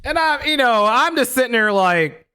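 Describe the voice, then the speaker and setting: Young man, high voice, very animated, casual storytime, emphatic, profane. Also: moderate pace, smooth. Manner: emphatic, profane, repeats himself. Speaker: storytelling YouTuber.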